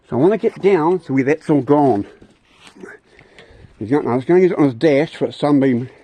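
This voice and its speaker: A man's voice: fairly high pitch, dark tone, no echo. Older kiwi man, rambling vlogger, dry close sound. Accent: New Zealand. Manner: rambling, chatty, playful with pets. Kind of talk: casual outdoor vlog chat.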